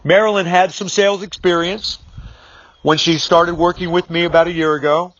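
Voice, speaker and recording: A man's voice: high voice, steady tone, moderate pace, fairly bright tone. Rambling man in a dull lo-fi recording. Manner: rambling, with many fillers and restarts; acts out both sides of a remembered argument. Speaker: business author and sales trainer. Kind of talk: unscripted monologue.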